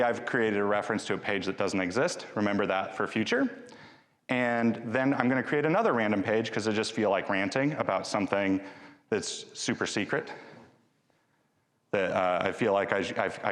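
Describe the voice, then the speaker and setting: Man, fairly low voice, chatty conference talk, jokey, restarts sentences, long reverb of a big hall. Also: lively intonation, brisk, fairly bright tone. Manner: chatty, joking, with frequent restarts. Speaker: conference speaker. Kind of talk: live tech conference talk with demo.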